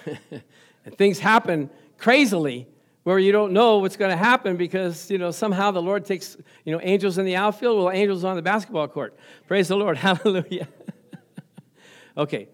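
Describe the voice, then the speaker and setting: A male pastor preaching an energetic sermon, often laughing and asking his congregation questions. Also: high voice.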